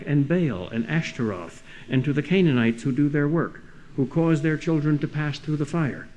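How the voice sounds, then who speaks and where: A man's voice: on the high side, lively intonation, moderate pace, a little mellow, poor audio. A man delivering a sermon-like lecture, earnest and full of rhetorical questions with rising emphasis. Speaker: speaker.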